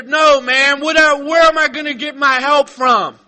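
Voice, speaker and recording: A middle-aged man telling his story at a recovery meeting, profane and comic, shouting at times and then going quiet and sincere. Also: very high voice, moderate pace. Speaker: speaker sharing at a recovery meeting. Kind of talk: raw comedic testimony. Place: meeting room.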